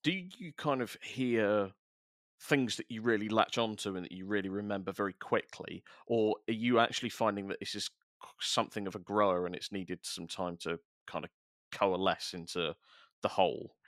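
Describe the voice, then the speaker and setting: A middle-aged man with a somewhat low voice chats casually on a podcast. He rambles through long thoughts, stumbles over stammered restarts and keeps a wry edge. The sound is close and dry. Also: moderate pace, a bit bright, no room sound. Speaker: podcast host, music journalist. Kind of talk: casual chat.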